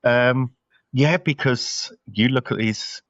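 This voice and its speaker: A man's voice: medium pitch, takes it slowly, fairly bright tone, no echo, dull audio. A man co-hosting a podcast, chatting casually about a film and thinking aloud with lots of fillers. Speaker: podcast co-host. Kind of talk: casual film review chat.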